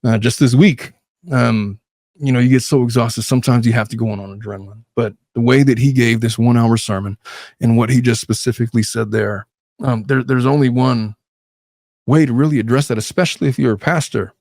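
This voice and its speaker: Male commentator, exasperated and rambling, mid-pitched, dry recording. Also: fairly even intonation, a little fast, a little mellow, dry recording. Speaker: legal commentator. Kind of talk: casual commentary on a clip.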